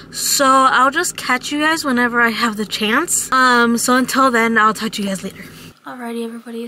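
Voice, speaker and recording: A woman's voice: on the high side, bright, forceful tone, slight background noise. Chatty young woman vlogging. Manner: chatty, rambling with many ums and likes. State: out of breath. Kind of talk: casual vlog chat.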